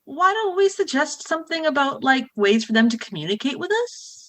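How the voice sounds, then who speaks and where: Woman co-host, playful and easygoing, bright voice, dry close mic. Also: sits high, big pitch swings, a little fast, dry recording. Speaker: podcast co-host. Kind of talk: casual chat.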